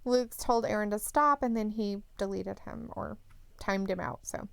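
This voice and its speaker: A woman's voice: mid-range voice, moderate pace, vocal fry, clean tone, no room sound. A woman co-hosting a live stream in casual chat, laughing often as she reads viewer comments aloud.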